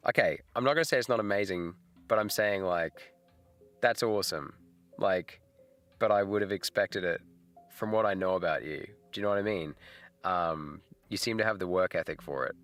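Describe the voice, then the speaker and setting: A man's voice: fairly low pitch, moderate pace, fairly bright tone, faint music behind. A middle-aged man, hosting a casual livestream chat, laid-back and rambling, laughing often. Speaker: livestream host. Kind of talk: casual live chat with viewers.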